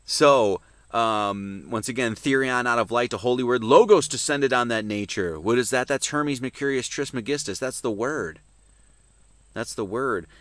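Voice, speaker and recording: A man preaching at a Sunday service, emphatic and swinging between loud emphasis and hushed asides, with many restarts. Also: mid-range voice, normal speed, dry recording.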